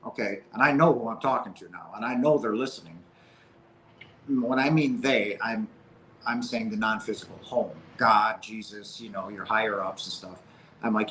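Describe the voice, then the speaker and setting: A low-voiced man speaks as an interview guest, giving personal testimony. His delivery is earnest and halting, with emotion close to the surface. A faint hiss sits under his voice. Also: pushed and bright, rough recording.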